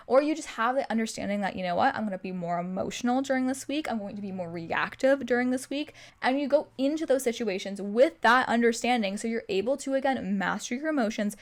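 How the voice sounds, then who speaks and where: A young woman hosting a self-improvement show, giving animated motivational advice and acting out her own inner voice. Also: on the high side, fast, hardly any pauses. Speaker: self-improvement podcast host.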